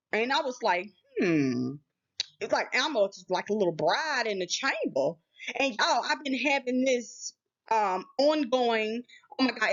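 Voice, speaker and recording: Excited woman host, casual chatty delivery, fairly high voice, dull lo-fi audio. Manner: animated, addresses viewers as y'all. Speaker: channel host. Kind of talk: casual spiritual vlog talk. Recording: dull lo-fi sound.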